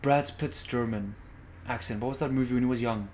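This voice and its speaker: A young man from South Africa co-hosts a casual chat. His voice is mid-pitched, with a faint hiss behind it. He is animated, cuts in quickly, and repeats words as he works up to a point. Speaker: podcast co-host.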